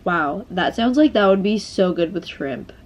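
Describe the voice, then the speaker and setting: A woman's voice: mid-range voice, animated, a little slow, highs cut off. A young woman vlogging casually from a hotel room while sick and a bit stuffy, chatty and full of "like". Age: young adult. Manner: chatty, says "like" a lot. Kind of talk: casual vlog chat. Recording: music playing under the voice.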